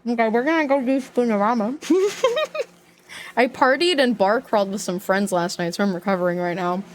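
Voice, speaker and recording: A woman's voice: mid-range voice, fairly even intonation, quick pace, a little hiss or hum. A young woman streaming live, chatting casually, giggling and greeting viewers by name. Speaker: livestreamer.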